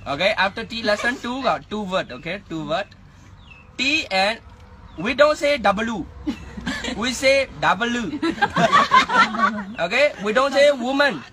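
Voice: medium pitch, lively intonation, unhurried. A speaker playing a bossy, exasperated language teacher in a comedy skit, laughing often. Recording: loud background noise.

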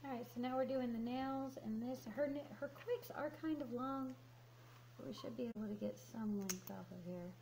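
A woman's voice: a little high, normal speed, warm tone. A woman dog groomer explaining her work casually, cooing soothingly to the dog in between. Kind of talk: casual demonstration while working. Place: grooming room. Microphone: handheld camera. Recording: noisy grooming room.

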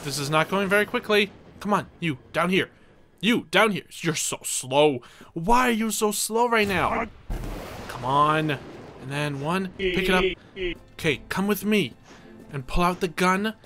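A man giving excitable let's play commentary, reading game dialogue aloud and yelping when things go wrong. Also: high-pitched, measured pace, soft background music. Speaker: gaming video creator.

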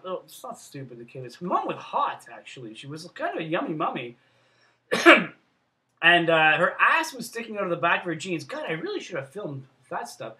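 Rambling, animated vlogger man. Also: high voice. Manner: rambling, profane, jumps between loud bursts and mutters. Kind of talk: casual storytelling vlog. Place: Montreal.

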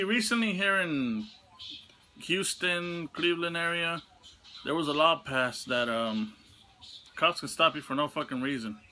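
In a casual storytime vlog, a young man vents in a bright, ringing voice, swearing freely as his pitch spikes into sudden angry highs. His heated rant has faint music playing behind it.

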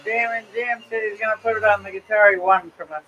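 A man's voice: high voice, fairly even intonation, fast talker, sharp tone, lo-fi sound, a little hiss or hum. A man co-hosting a livestream, reading out viewer comments in a playful, giggly way. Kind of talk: casual livestream chat.

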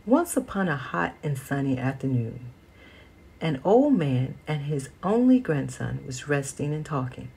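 A woman reading a children's picture book aloud as a storyteller, slow and expressive. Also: low voice, creaky, breathy edge.

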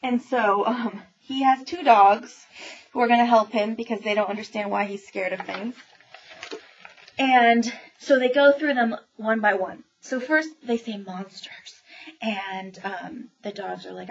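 A woman with a fairly high, creaky voice speaks a little slowly while reviewing new children's books in a casual book talk. Chatty and enthusiastic, she retells each story with many ums, over dull lo-fi sound with faint noise.

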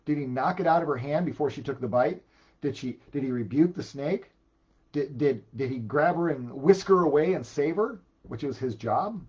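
A man preaching a sermon as a pastor, animated, repeating words when he gets emphatic. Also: a little high, normal speed, husky, muffled recording.

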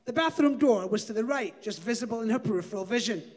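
A man with a very high voice reads his comic memoir aloud. His delivery is dry and deadpan. He lets the story carry the jokes. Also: quick pace. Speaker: author reading his memoir.

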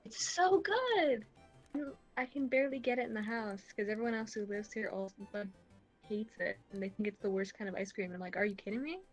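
A woman's voice: medium pitch, steady tone, fast, soft background music. A woman co-streaming a video game, chatting casually in a bubbly, easily amused way. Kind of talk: casual chat while gaming.

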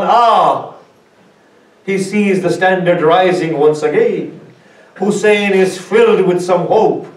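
A man as a sheikh giving a mournful sermon, telling a story slowly with dramatic pauses. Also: sits high. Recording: echoey hall, speaker far from mic.

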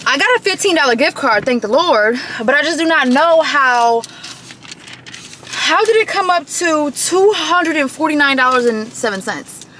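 A woman's voice: sits high, expressive, moderate pace, sharp tone, slight background noise. A woman in her twenties talking casually while vlogging, chatty and joking as she tells stories. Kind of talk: casual chat.

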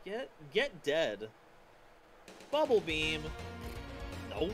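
A man's voice: on the high side, drawn-out words, faint music behind. A man chatting casually while playing a game on stream. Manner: animated, swings loud to quiet. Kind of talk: casual gameplay chat.

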